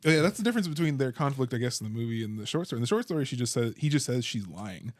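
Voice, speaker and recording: A woman co-hosting a podcast in relaxed casual chat with dry humor. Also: very deep voice, very fast, no room sound. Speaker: podcast co-host.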